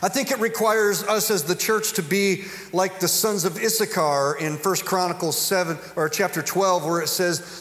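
A man's voice: high-pitched, steady tone, normal speed, few pauses, a bit bright. A middle-aged man preaching a sermon as a pastor, mixing humorous storytelling with earnest preaching. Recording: echoey hall with long reverb.

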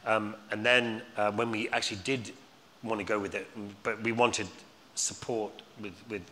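Heard with live hall reverb, faint ambience, and slight background noise, this man tells rambling anecdotes at a live Q&A, restarting and repeating words a lot. His fairly low voice is bright and forceful, with little pitch movement, at a normal speed. He's a guest on a stage in a hall before an audience.

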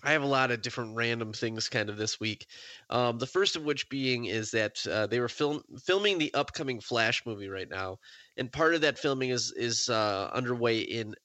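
Bright-voiced, easygoing male podcast host. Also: medium pitch, animated, normal speed, dry recording. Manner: easygoing, laughs often, many fillers. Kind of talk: casual podcast chat.

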